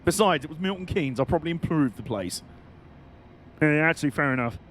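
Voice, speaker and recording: Excitable man commentating a game. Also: on the high side, a little fast, a little hiss or hum. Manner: excitable, jokey, mock-outraged chatter. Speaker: streamer.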